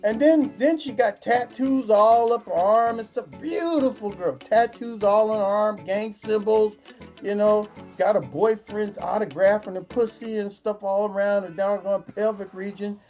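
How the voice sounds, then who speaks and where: A woman's voice: medium pitch, measured pace, dark tone, soft background music. A woman vlogger delivering a profane comedic rant, swearing constantly and acting out the people she complains about. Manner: crude, swearing, acts out quoted voices.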